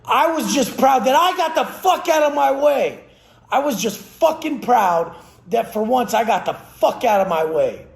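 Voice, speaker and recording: A man's voice: very high voice, expressive, measured pace, creaky. A man who trains people for a living, giving a blunt, profane motivational rant with aggressive, preachy force. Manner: blunt, aggressive, heavy swearing. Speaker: fitness trainer. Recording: roomy echo.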